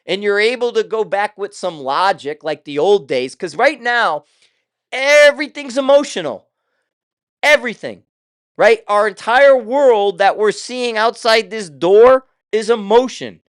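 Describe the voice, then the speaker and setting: A man's voice: sits high, animated, unhurried, clean tone, dry recording, studio quality. An older man hosting his own show, talking in a casual, rambling way with loose, profane asides. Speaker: show host.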